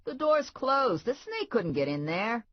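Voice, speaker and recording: A woman voicing a rattled young female bounty hunter, shrill and jumpy, in an audiobook. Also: big pitch swings, measured pace, dry recording, highs cut off.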